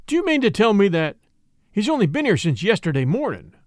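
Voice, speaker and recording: A quiet, steely man who never raises his voice, as a male reader plays him. Measured and firm, with a dry, close sound. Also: high voice, big pitch swings, no echo, voice pushed up. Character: calm, steely man, quiet but hard.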